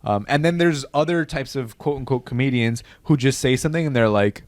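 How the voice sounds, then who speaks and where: A man's voice: medium pitch, fairly quick, no room sound. A man on a casual podcast, rambling with fillers and restarts. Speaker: podcast co-host. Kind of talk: casual chat.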